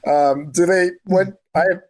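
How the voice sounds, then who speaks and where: A man's voice: sits high, steady tone, slow. A man on a film podcast talking casually, asking curious questions and restarting with "I mean.".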